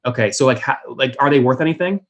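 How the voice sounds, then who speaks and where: A man's voice: mid-range voice, fast talker, vocal fry, highs cut off. A man in his thirties hosting a business interview and asking blunt, direct questions. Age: 30s. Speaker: interview host. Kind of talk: rapid-fire business interview.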